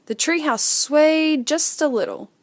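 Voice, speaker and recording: A woman reading a children's story aloud in an expressive way, acting out the sound effects herself. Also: high voice, measured pace.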